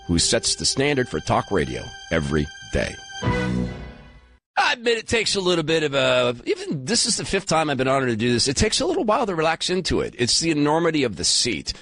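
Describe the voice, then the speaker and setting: A man around fifty hosting a talk radio show, emphatic and animated, taking calls. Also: mid-range voice, brisk, faint music behind. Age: 50s. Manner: animated, emphatic, turns emotional. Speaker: guest radio host. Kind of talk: talk radio monologue and call-in.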